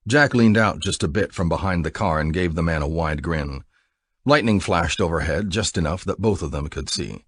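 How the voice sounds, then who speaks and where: A man giving an expressive, dramatic audiobook narration. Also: low voice, moderate pace, husky, dry recording, clean studio sound.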